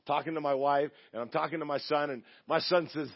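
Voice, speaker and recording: Male pastor, high husky gravelly voice, chatty joking sermon storyteller. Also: steady tone, a little fast, muffled recording. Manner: chatty, jokey, acts out quoted voices.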